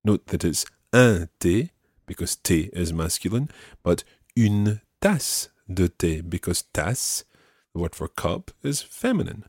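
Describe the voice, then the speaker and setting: A man teaching a language podcast lesson with a very low, slightly husky voice. He explains patiently and methodically, slowing down to model words, recorded dry in a studio. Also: very animated, darkish tone, no echo.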